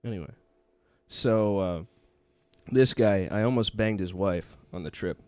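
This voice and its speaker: A man's voice: fairly low pitch, measured pace, darkish tone, dry recording. A man, a podcast guest, telling a rambling story in casual chat.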